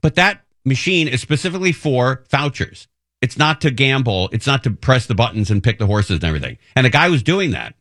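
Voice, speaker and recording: A middle-aged man on talk radio, rambling through a story with animated, self-deprecating energy. His voice sits at an ordinary pitch. The studio sound is dry and close. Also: a little fast, no echo. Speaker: radio talk show host. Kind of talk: casual monologue storytelling. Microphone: studio microphone.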